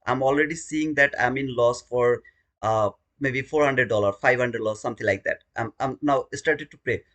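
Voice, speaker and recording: A man's voice: medium pitch, moderate pace, fairly bright tone. A man streaming his day trading live, talking through the chart and alternately pleading with the market and scolding himself.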